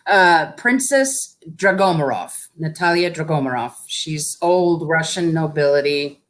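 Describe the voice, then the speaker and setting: A woman's voice: sits low, measured pace. A middle-aged woman, an actor guest in a casual interview, talking with dry, wry humor.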